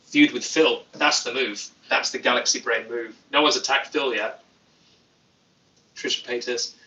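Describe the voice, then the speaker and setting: A man's voice: medium pitch, steady tone, moderate pace, pushed and bright, echoey room, distant mic, slight background noise, low-quality recording. A young British man hosting a casual livestream, reading chat aloud with dry, self-mocking humor. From Britain. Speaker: YouTube host. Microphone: phone.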